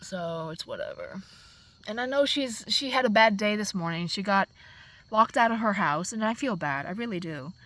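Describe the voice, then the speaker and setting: A woman vlogging from her backyard garden at dusk, filming on a phone as she walks. She rambles and vents, swinging from soft musing to loud, exasperated outbursts. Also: medium pitch, sing-song, moderate pace, no echo. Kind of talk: casual venting vlog.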